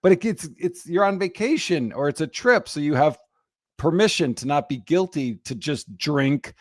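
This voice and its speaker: A man's voice: on the high side, lively intonation, normal speed, no room sound, studio quality. A man co-hosting a casual comedy podcast, laughing a lot and dropping wry, crude quips. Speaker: podcast co-host.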